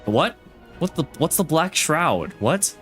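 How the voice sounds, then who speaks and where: A man's voice: on the high side, very animated, slow pace, music in the background. A man streaming a game, casually joking and bantering with the characters on screen.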